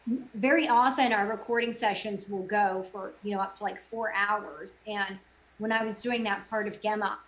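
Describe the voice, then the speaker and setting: A woman's voice: medium pitch, poor audio. A middle-aged woman voice actor chatting casually in an interview over a video call, with lots of fillers. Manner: chatty, many fillers and self-quotes. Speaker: voice actor guest.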